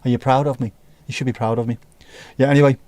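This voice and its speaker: A man's voice: mid-range voice, fairly even intonation, fast talker, darkish tone, no echo. A man with a Scouse accent hosting a casual livestream, chatting with viewers and bantering as he reads the chat. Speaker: livestream host.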